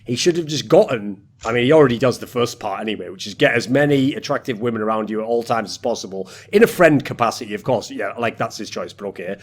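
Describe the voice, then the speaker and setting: A man's voice: medium pitch, fast, few pauses. A British man hosting a casual podcast, bantering in a teasing, rambling, profane way. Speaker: podcast host.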